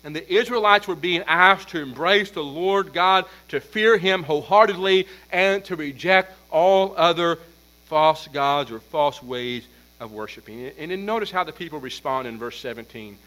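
A man preaching an expository sermon as pastor, emphatic, building force on repeated points and then dropping low. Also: moderate pace, sharp tone, poor audio.

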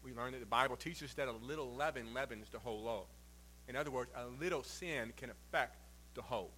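Bright-voiced man preaching with emphasis. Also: mid-range voice, fairly quick, slight background noise, poor audio. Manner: reads scripture then preaches with shifting loud and soft emphasis. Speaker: pastor. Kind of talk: sermon.

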